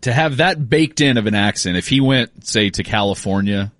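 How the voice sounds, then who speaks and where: A man's voice: fairly low pitch, animated, normal speed, a bit bright, dry recording, clean studio sound. A man co-hosting a sports show, wry and explanatory in casual banter.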